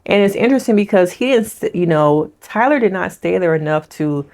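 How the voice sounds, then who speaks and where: A woman's voice: on the low side, animated, a little fast, darkish tone. A woman therapist giving a casual, chatty recap of a reality show and talking straight to her viewers. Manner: chatty, addresses viewers directly. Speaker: licensed therapist.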